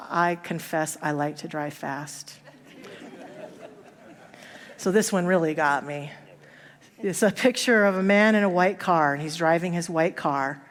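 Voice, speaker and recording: A woman minister giving a sermon, telling stories and acting out the voices of the people in them. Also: fairly low pitch. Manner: storytelling, acting out quoted voices. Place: church sanctuary. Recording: church hall reverb.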